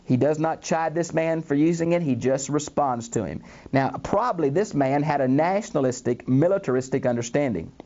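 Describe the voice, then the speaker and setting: Older man teaching the Bible, lively. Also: on the high side, moderate pace, few pauses, dull audio. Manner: animated, acts out the quoted voices, frequent "uh" fillers; addresses listeners as "friends". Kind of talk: recorded Bible lesson. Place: recording studio.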